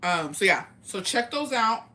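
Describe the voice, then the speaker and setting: Woman live-streaming, bright forceful voice, blunt and cussing, chatty comment-reading host. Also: medium pitch, sing-song, a little slow. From Mexican heritage. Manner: blunt, profane, chatty, reads comments aloud. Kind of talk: casual live-stream chat.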